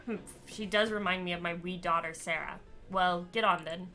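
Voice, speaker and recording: A woman's voice: on the low side, steady tone, moderate pace, sharp tone, faint music behind. A woman reading the lines of a blunt, scornful female ghost stuck at a train station.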